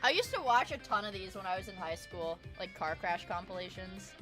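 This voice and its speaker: A young woman streaming, chatting casually as she reacts to videos, swearing freely and breaking into loud shrieks. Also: medium pitch, animated, fairly quick, music in the background.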